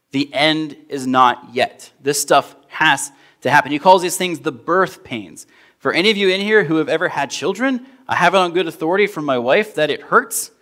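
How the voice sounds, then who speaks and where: Delivering a sermon, this young man, a pastor, talks like he's telling stories, getting more animated whenever he reaches an anecdote. He speaks at a fairly high pitch.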